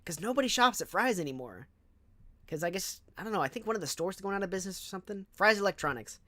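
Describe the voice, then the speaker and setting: A man's voice: high-pitched, fast, no room sound. Chatty young man telling a story, dry. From Southern California. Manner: chatty and animated, with many fillers and asides. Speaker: streamer. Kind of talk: casual storytelling chat.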